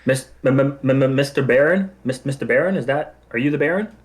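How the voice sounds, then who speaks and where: A man's voice: medium pitch, normal speed, close to an everyday voice. A man voicing a nervous young male adventurer who stutters.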